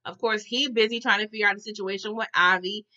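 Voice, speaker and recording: A woman giving a chatty, animated recap of a TV episode, often calling her viewers y'all. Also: medium pitch, fast, lo-fi sound. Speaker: TV recap vlogger.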